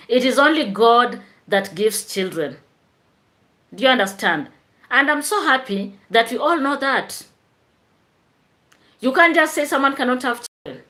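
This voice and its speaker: A woman's voice: on the high side, expressive, a little slow, pauses often, pushed and bright. A woman teacher hosting a chatty live stream, tired after work, answering viewer comments.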